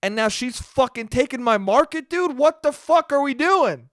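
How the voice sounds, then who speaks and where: A man's voice: very high-pitched, animated, normal speed, a bit bright, no room sound, clean studio sound, pitched above the performer's own voice, heavily acted. A man putting on an indignant, defensive middle-aged TV science guy who whines and swears in exasperation. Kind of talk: comic impression in a solo podcast.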